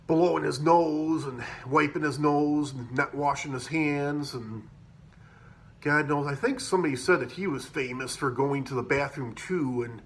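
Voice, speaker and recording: A man's voice: medium pitch, a bit bright. A man telling rambling, profane stories about restaurant kitchens in a casual monologue, full of fillers and restarts. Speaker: podcaster telling work stories.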